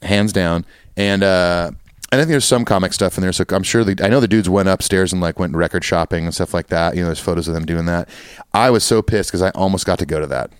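A man's voice: low-pitched, fast, clean tone, no echo, clean studio sound. A man co-hosting a podcast in easygoing, agreeable casual chat that tends to ramble. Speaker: podcast co-host.

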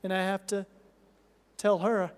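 A man's voice: sits high, little pitch movement, unhurried, smooth. A middle-aged man preaching a sermon as a pastor, earnest and pleading. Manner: earnest, pleading with rising intensity. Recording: long reverb of a large hall.

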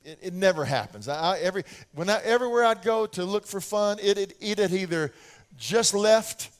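Speaking briskly in a high voice, an older American man preaches a sermon. He tells stories with lots of animation, acting out bits of scenes in his children's voices.

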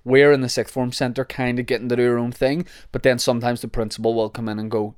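Young Northern Irish man, podcast host, rambly jokey chat, smooth voice, dry close sound. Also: medium pitch, flat delivery, fast, few pauses, a little mellow, no room sound. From Northern Ireland. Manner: rambling and jokey, lots of restarts. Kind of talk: casual chat.

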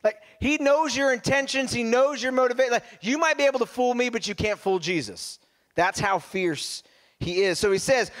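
A man's voice: high-pitched, moderate pace, a bit bright. A male pastor preaching a casual, conversational sermon, often restarting his phrases.

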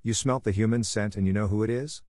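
A man's voice: lowish voice, quick pace, darkish tone, no room sound, clean studio sound, close to an everyday voice. A man doing a cheeky ginger tomcat. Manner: cheeky, sulky.

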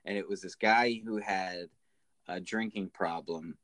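Low-voiced young man, dry sound. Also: steady tone, measured pace, fairly bright tone, no room sound. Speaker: podcast co-host. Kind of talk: casual chat.

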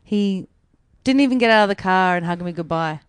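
Animated woman telling a story. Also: on the low side, brisk, smooth, no echo. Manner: animated storytelling, acts out quotes, swears freely. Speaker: podcast co-host. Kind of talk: casual chat.

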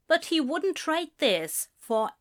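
A woman reading a story aloud, narrating in an unhurried, expressive way. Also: high voice. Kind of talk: reading fan fiction aloud.

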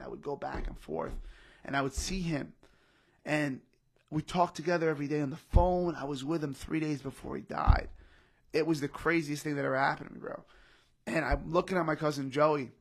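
Gravelly raspy New guy. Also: a little high. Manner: repeats himself, says "bro" and "literally" often. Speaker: podcast guest, comedian. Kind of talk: emotional storytelling in casual chat.

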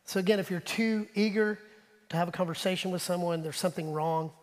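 Male pastor, high voice, animated sermon delivery, long hall reverb behind him. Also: brisk. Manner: animated preaching, drops to soft asides; talks straight to the congregation. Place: church sanctuary.

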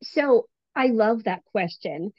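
A woman's voice: on the high side, lively intonation, slow pace, no room sound. Conversational woman guest, lo-fi audio. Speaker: guest, teacher. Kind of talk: casual interview storytelling. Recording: dull lo-fi remote audio.

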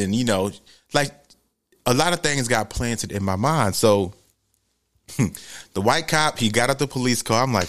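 A man from New telling a personal story. He is animated and profane and breaks into shouts. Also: medium pitch, normal speed, long pauses. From New York City.

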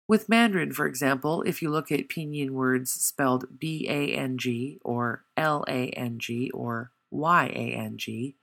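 A language tutor reads a scripted pronunciation lesson, the voice carrying a noticeable gravelly fry at a middle pitch. The delivery is measured and clear, easing down to a slow pace whenever a sound is demonstrated. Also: pushed and bright.

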